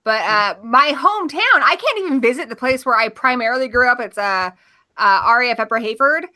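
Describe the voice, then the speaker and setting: A woman's voice: a little high, lively intonation, brisk, sharp tone. A woman from England, a guest in a casual live chat, chatty and joking.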